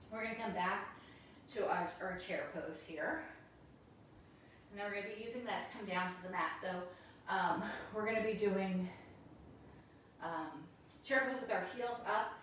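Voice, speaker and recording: A woman's voice: mid-range voice, moderate pace, pauses often, a little hiss or hum. Distant, echoey woman teaching yoga. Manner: calm, encouraging cues while doing the poses. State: a little out of breath. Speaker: yoga instructor. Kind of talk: guided yoga class instruction.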